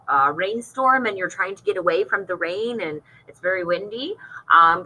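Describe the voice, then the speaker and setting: A woman's voice: lowish voice, bright, forceful tone, breathy edge, rough recording. A woman music teacher walking young students through an online assignment, patient and explaining step by step. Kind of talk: recorded lesson walkthrough for young students.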